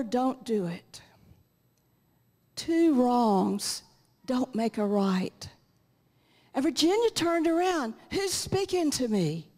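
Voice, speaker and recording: A woman's voice: fairly high pitch, a little mellow. An older woman giving an earnest personal testimony at a church meeting, speaking into a stage microphone. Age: 60s or 70s. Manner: earnest storytelling, acts out quotes. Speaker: guest speaker. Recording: reverberant church hall.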